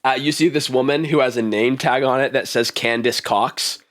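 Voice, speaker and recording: A man's voice: medium pitch, moderate pace, fairly bright tone. Man narrating as game master. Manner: vivid, laughs often.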